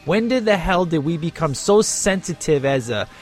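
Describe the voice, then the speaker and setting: Brief: male podcast host, slightly high voice, emphatic and opinionated, faint music bed. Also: moderate pace. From United States. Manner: animated, emphatic, ranting. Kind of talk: casual show review and rant.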